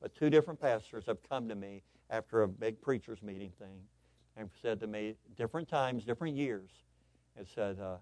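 A male pastor preaching a sermon, telling personal stories in an animated, excitable way with lots of repetition. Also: on the low side, normal speed, no room sound.

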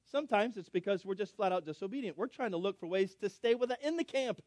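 A middle-aged man, a pastor, telling a story in a sermon with animated, self-deprecating humor and acted-out dialogue. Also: sits high, fast, no echo.

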